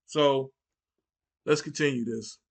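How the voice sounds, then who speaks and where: A man's voice: medium pitch, steady tone, slow, heavy background noise. A man hosting a reaction channel, giving heated, mocking commentary with lots of repetition.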